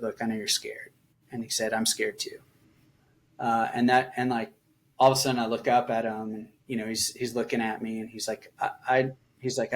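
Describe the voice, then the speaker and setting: A man in his forties, an army veteran, recounts his deployment as a podcast guest in a loose, conversational way with lots of fillers. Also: mid-range voice. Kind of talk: storytelling interview.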